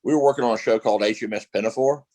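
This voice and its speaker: A man's voice: fairly low pitch, racing, dark tone, no echo, poor audio. A male actor guest telling stories in a casual interview, rambling with lots of fillers and restarts.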